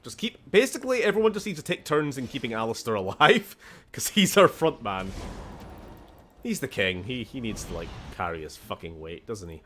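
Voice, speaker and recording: With a little hiss or hum in the background, a Scottish-accented man streams a game and chats in a very animated, mid-range voice with a fairly bright tone. He keeps a moderate pace, swearing, laughing often and shifting tone frequently in his casual gameplay commentary.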